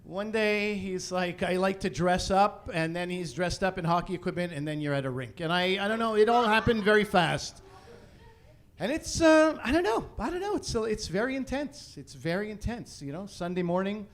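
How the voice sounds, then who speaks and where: A man in his forties performing a stand-up comedy set on a theatre stage, animated and exasperated, rising to shouts on his punchlines. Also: sits high, normal speed. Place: theatre stage before a live audience.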